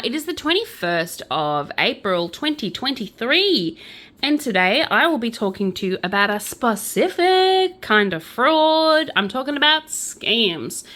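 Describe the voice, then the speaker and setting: A loud, bubbly Australian woman talks casually to her camera, joking at her own expense. Her voice sits a little high and comes across bright and forceful. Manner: loud, bubbly and self-mocking. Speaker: crochet and true crime vlogger.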